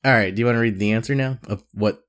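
A man's voice: fairly low pitch, racing, a bit bright. A man co-hosting a podcast in casual chat, joking and rambling with fillers. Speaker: podcast co-host.

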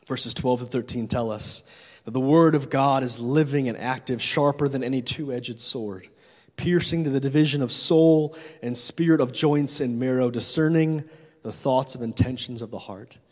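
A man's voice: medium pitch, moderate pace, long reverb tail. Man preaching with urgent appeals. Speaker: pastor. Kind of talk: sermon. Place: church.

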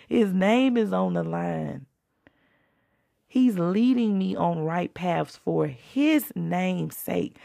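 A woman hosts a faith podcast in a fervent, preacherly, down-to-earth style. Her voice sits low with a gravelly edge, and the sound is close and dry. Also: takes it slowly, mellow, no echo. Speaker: podcast host.

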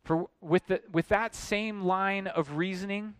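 Emphatic preacher, smooth dry voice. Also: male voice, sits high, steady tone, measured pace, dry recording. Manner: emphatic, rising to forceful exclamations. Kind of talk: expository sermon.

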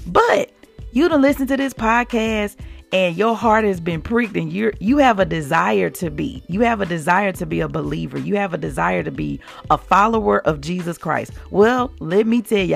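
A woman hosts a devotional podcast with exuberant, laughing energy, talking straight to her listeners. She speaks slowly, and her voice rises and falls widely. A gravelly rasp runs through it, with faint music underneath. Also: medium pitch. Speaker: Christian podcast host.

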